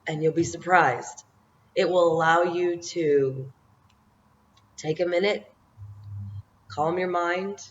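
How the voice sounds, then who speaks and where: A middle-aged woman giving a motivational talk to camera, reflective and meandering, often laughing at herself. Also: sits low. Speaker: vlogger giving life encouragement. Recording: dull lo-fi audio.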